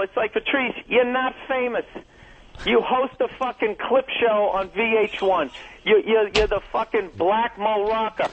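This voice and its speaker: A man's voice: sits high, steady tone, unhurried. A man comedian ranting profanely and defensively in a heated on-air argument, heard over a tinny phone line. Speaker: comedian guest.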